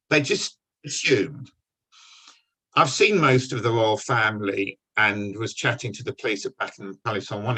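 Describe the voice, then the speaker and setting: An older man, a guest speaker telling wry, deadpan stories from his police career to an audience. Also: fairly low pitch, slightly rough, low-quality recording. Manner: dry, wry storytelling with deadpan punchlines. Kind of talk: anecdotal talk to an audience.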